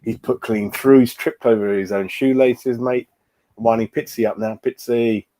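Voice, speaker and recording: A man in his 40s hosts a casual football fan live stream, chatting away and reading viewers' comments aloud while calling everyone mate. His mid-range voice is mellow and steady, moving at a normal speed.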